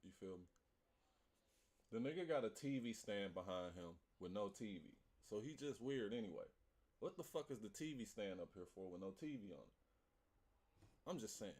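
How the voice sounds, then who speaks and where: A man's voice: fairly low pitch, animated, moderate pace, pauses often, a little mellow. A man reacting casually on a livestream, blunt and joking in loose slang. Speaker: livestream commentator.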